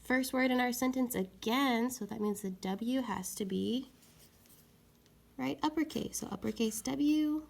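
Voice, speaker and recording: A woman teaching young children a reading lesson, slowly sounding out words and patiently encouraging them. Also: on the high side, creaky, a little mellow.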